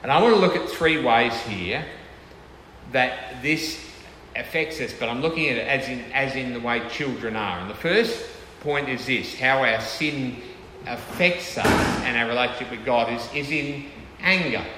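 A man delivers a sermon in a casual, talking-with-you manner, often tossing questions back to the room. His voice is bright and forward. The recording carries the long echo of a large hall, with faint ambience behind him. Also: mid-range voice, moderate pace, slight background noise. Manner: conversational, checks in with the audience often. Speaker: preacher.

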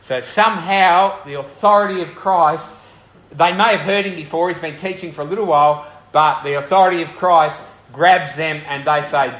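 A man preaching a sermon with a slightly higher voice than most men. He talks earnestly and conversationally, often putting questions to the congregation. His voice rings through an echoey church hall. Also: normal speed, fairly bright tone. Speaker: pastor.

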